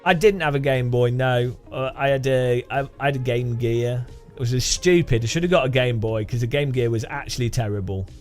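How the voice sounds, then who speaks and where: An English game streamer chats casually with his live-stream audience, laughing often and greeting viewers by name. His voice is mid-range and brisk, with faint music in the background.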